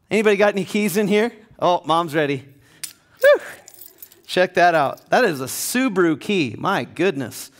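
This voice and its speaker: A man pastor preaching a passionate sermon in a church, building to loud emphatic peaks. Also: high-pitched, normal speed. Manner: passionate, rising to near-shouting. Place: church sanctuary.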